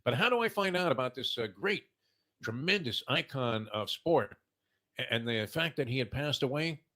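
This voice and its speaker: Bright-voiced older man rambling on. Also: medium pitch, expressive, moderate pace. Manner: rambling storyteller, heavy "uh" fillers. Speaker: morning show host. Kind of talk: casual sports talk.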